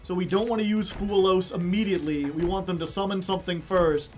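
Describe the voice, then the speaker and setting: A man's voice: high voice, fairly even intonation, fairly quick, faint music behind. A young man streaming a card game, chatting casually and rambling through joking stories with frequent laughs. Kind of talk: casual chat while playing a card game.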